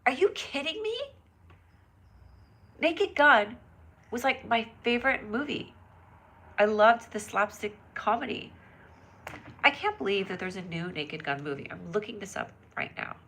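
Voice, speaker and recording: A woman's voice: mid-range voice, big pitch swings, unhurried, pauses often, sharp tone, slight background noise. A woman hosting a casual phone live stream, bubbly and giggly, chatting with viewers and reading their comments aloud. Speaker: livestream host. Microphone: phone camera.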